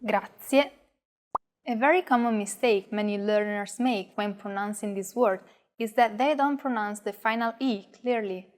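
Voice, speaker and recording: A woman teaching Italian, modelling words with slow, careful, clearly articulated pronunciation. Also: medium pitch. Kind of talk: pronunciation demonstration.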